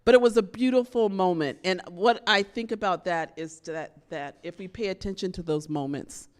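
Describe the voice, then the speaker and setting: A woman's voice: lowish voice, moderate pace. A woman poet, telling a story to a live audience in a university theater and acting out the voices she quotes. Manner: animated, acts out quoted voices. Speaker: visiting poet.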